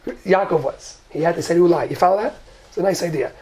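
A woman's voice: on the low side, fast talker, mellow. A woman teaching a Torah lesson, reading Hebrew verses and explaining them in English. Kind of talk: lecture on Genesis text.

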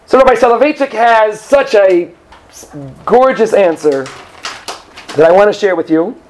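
A man with a high, light voice teaches a class about a holiday prayer. He talks casually and animatedly, slipping into jokes and acting out little scenes for his students. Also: normal speed. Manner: animated storytelling with joking asides. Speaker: Torah teacher. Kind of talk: classroom lesson.

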